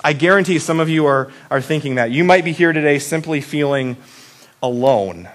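A man's voice: on the high side, normal speed. Joking, conversational male pastor. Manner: conversational and joking, keeps asking "right?"; asks the audience reflective questions. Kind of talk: casual Easter sermon.

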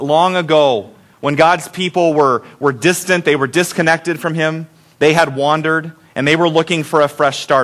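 A middle-aged male pastor preaches in a church with a somewhat high voice. His delivery is relaxed and conversational, and he pokes fun at himself. He keeps asking the congregation questions to draw them in. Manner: conversational, self-deprecating, asks the congregation questions. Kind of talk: sermon. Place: church sanctuary.

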